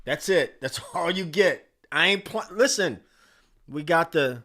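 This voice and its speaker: A man in his forties hosts a casual livestream countdown, calling out names from the chat. His voice sits a little high, and he takes his time between phrases. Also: a little slow, faint music behind. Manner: animated, reading chat names aloud. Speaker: livestream host.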